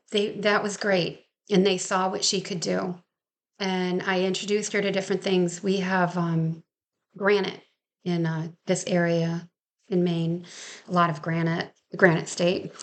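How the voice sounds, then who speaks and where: Chatty woman with a gravelly voice. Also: lowish voice. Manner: chatty, laughs often, acts out quotes. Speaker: dog trainer. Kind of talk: casual storytelling. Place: Maine.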